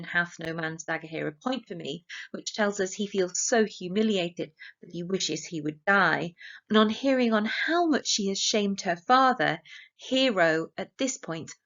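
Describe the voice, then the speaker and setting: An English woman teaching a play for exam revision, explaining steadily and reading the quotations aloud without dramatizing them. Her voice sits at an ordinary middle pitch. The recording is a little dull and lo-fi. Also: a bit bright. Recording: slightly dull lo-fi audio.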